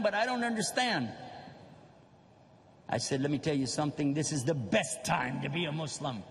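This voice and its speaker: Animated high-voiced older preacher man. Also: slightly rough, big-room sound. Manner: animated, acts out voices of others for humor. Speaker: Islamic preacher. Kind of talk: lively religious lecture.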